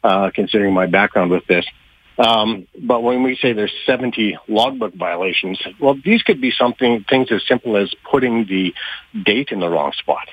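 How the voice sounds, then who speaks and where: A man who works with trucking companies, answering radio interview questions in a halting way with many fillers and restarts, a little out of breath. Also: lowish voice, animated, husky, dry recording. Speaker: trucking industry guest. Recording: muffled phone-like line, dry.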